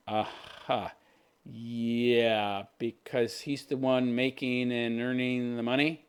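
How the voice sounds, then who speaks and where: A man's voice: medium pitch, flat delivery, slow pace, clear, resonant tone. A man in his fifties hosting a podcast, ranting with profane, sarcastic commentary. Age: 50s. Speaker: podcast host.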